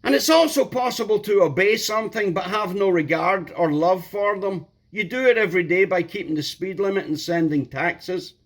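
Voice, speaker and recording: A man preaching a sermon, emphatic, repeating key words and building to loud outbursts. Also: high-pitched, normal speed, hardly any pauses.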